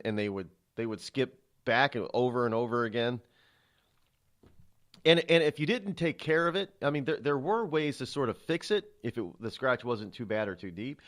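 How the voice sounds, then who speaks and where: Man with a lively, halting delivery. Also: mid-range voice. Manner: halting, many restarts and sighs. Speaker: talk show host. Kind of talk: political talk commentary.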